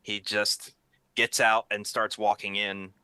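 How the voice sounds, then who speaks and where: A man's voice: on the low side, flat delivery, slow, bright, forceful tone, clean tone, no room sound. A man narrating a tabletop game as game master, hesitant and often repeating words.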